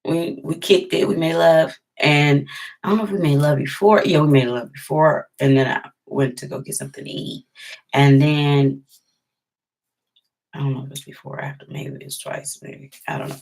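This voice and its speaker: A woman with a low voice tells a personal heartbreak story in a casual vlog. She rambles and corrects herself as she goes. At moments her voice sinks almost to a whisper. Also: steady tone, normal speed, vocal fry, a little mellow. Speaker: vlogger.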